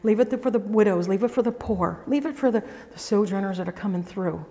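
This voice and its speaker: A woman's voice: mid-range voice, a little fast, dark tone. Folksy woman preacher in an echoing hall. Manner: folksy conversational storytelling with restarts. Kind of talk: sermon. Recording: echoey hall reverb.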